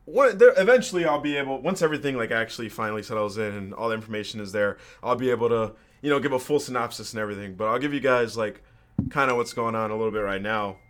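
Excited young man telling a story. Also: medium pitch, quick pace. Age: 20s. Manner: excited, swearing, slangy. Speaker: podcast guest. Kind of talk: casual storytelling.

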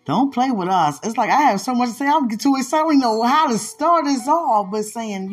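With faint music behind her, a woman hosts a podcast in a voice on the high side, breathy-edged and lively in intonation. She's playful and affectionate in her casual monologue, laughing, stretching out exclamations, and often breaking into prayer.

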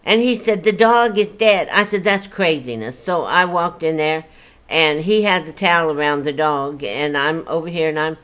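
An older woman spinning a story from her own life in a relaxed, chatty way. She talks in a folksy manner, breaking into exclamations as the story builds. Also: low-pitched, normal speed. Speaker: storyteller guest. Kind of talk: casual storytelling.

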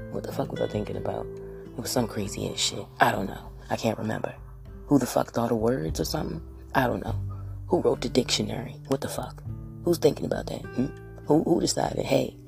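A woman's voice: rumbling low, creaky, mellow. A woman hosting a solo podcast, rambling profanely with constant rhetorical questions. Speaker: podcast host.

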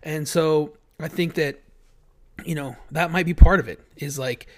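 A man's voice: fairly high pitch, steady tone, a little slow. A man co-hosting a casual sports chat who rambles and repeats his words. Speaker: podcast co-host.

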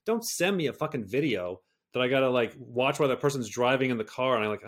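A middle-aged man talking candidly as an interview guest, swearing freely, rambling and restarting, sometimes rising into animated rants. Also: medium pitch, fast. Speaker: guest, personality system creator.

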